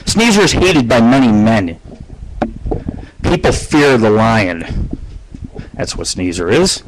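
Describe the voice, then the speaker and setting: A man's voice: mid-range voice, sing-song, slow pace, poor audio. A middle-aged man hosting his own radio show solo from home, rambling through profane stories. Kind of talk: solo live radio monologue. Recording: faint background noise.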